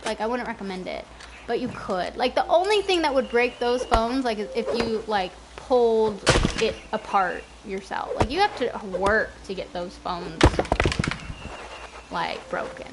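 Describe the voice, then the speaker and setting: A woman's voice: a little high, lively intonation, a little slow. Chatty young woman streamer. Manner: chatty, rambling, talks to chat. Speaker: game streamer. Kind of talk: casual chat while playing. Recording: noisy stream audio.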